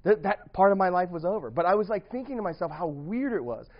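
A man's voice: sits high, fast, dull audio. Rambling, laughing young man telling a story. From grew up partly in the US Midwest. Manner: rambling, animated, laughs often, many restarts and fillers. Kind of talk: casual storytelling to a small group.

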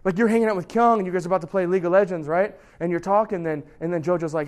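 A man teaching a youth group about Scripture in a casual, animated way, often putting questions to his listeners. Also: high-pitched, very fast, few pauses. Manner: animated, acts out quoted voices; conversational, asks the listeners questions.

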